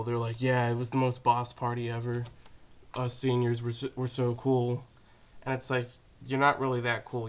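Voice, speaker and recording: A man's voice: mid-range voice, a bit bright, clean tone. A teenage boy ranting casually to camera, rambling with lots of fillers and casual swearing. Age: teens. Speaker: vlogger.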